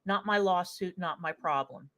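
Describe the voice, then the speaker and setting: Woman with a lower voice, blunt and dismissive commentator. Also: moderate pace, fairly bright tone. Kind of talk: casual commentary.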